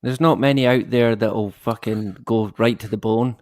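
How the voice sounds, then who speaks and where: A man's voice: fairly low pitch, steady tone, normal speed, darkish tone, no echo, studio quality. A man chatting as a guest, hesitant and laughing as he tells stories. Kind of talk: casual chat.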